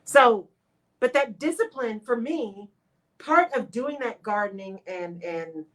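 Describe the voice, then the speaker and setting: A woman's voice: a little high, lively intonation, slow, fairly bright tone, low-quality recording. A woman hosting a live radio talk show, speaking expressively to her listeners and acting out her own inner voice.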